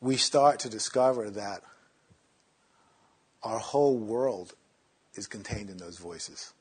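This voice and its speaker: Husky-voiced man teaching meditation. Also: on the low side, slow pace. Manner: relaxed, conversational, acts out inner voices in a mocking tone.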